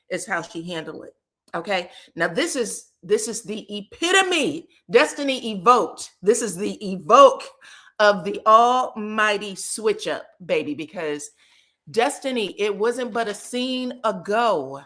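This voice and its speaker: Unhurried and mid-range in tone, this livestream host runs through reality-show drama with plenty of sass, slang and swearing. She performs what each person said in animated voices.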